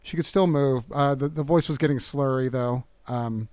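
Middle-aged male guest, halting and soft-spoken, smooth resonant voice, dry recording. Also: mid-range voice, no echo. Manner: halting, many restarts and fillers, soft-spoken. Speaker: guest musician. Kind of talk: casual interview chat.

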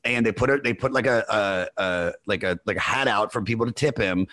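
A man hosting a podcast, telling rambling stories in excited casual chat. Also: on the low side, brisk, no room sound. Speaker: podcast host.

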